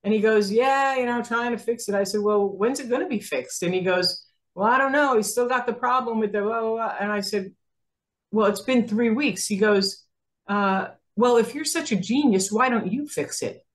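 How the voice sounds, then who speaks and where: Here a woman in her sixties from New Jersey, her voice fairly high and her pace normal, is a guest in a casual interview. She tells a story animatedly, acting out the quoted dialogue and laughing often.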